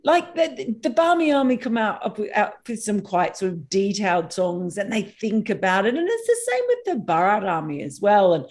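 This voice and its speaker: Animated woman guest. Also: medium pitch, normal speed, hardly any pauses. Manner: animated, exasperated opinions. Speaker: cricket journalist guest. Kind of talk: casual chat.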